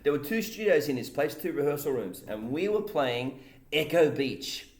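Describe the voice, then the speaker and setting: A man's voice: fairly high pitch, big pitch swings, moderate pace, echoey room. A man in his forties with an Australian accent, co-hosting a podcast and telling long rambling stories full of "right?" and other fillers. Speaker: podcast co-host. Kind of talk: casual chat.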